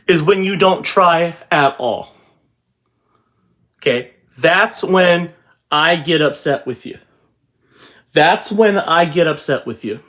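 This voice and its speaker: Here a man with a high-pitched, slightly bright voice motivates the viewers of his real estate channel. He addresses them directly, stressing and repeating his points.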